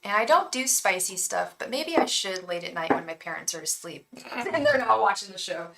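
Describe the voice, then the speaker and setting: A young woman giving live tarot readings, chatting effusively with many ums and restarts and softly repeating incantations. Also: medium pitch, lively intonation, brisk, slight background noise, poor audio. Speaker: tarot reader and psychic.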